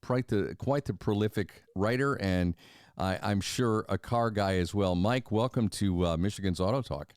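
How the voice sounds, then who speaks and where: Middle-aged male podcast host, very deep, smooth voice, dry close sound, easygoing. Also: moderate pace, dry recording. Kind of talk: interview hosting.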